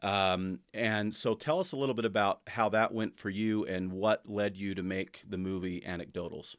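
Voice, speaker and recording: A man with a lowish voice hosts a podcast interview, asking a guest measured, leading questions. The sound is dry and close, with no room echo. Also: steady tone. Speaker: podcast host.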